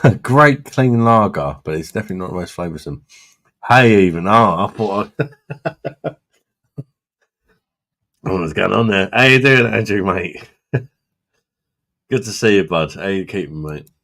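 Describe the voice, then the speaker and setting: A man's voice: fairly low pitch, expressive, unhurried, long pauses, fairly bright tone. A man hosting a casual live stream, chatting with viewers in a blunt, sweary way and laughing often. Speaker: livestream host reading chat.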